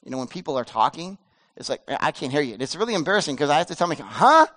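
A man in his fifties preaching a casual, earnest sermon as pastor, swinging between loud pleading and hushed softness. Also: fairly high pitch, very animated, fast talker. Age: 50s.

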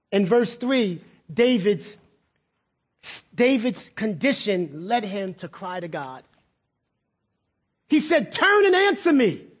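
A man's voice: sits high, husky. A middle-aged male pastor preaching a sermon in a conversational way, repeating words and asking the congregation questions.

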